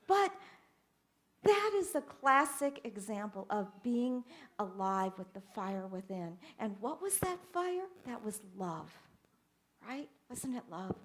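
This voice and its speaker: An older woman minister giving a sermon, telling stories with animated swings from hushed to loud. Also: high-pitched, normal speed.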